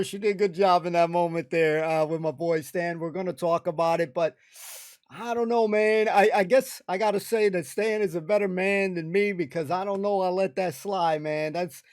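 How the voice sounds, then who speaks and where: A laid-back American man giving casual reaction commentary straight to his viewers. His voice sits fairly high, and the sound is close and dry. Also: fairly even intonation, moderate pace, darkish tone, dry recording. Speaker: reaction video host.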